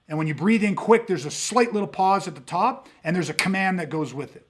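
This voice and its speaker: Guy with a higher voice, podcast coach teaching tactical mindset stuff, intense and swears a lot. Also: fast, few pauses, slightly rough. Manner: intense, profane, acts out reactions. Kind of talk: instructional podcast monologue.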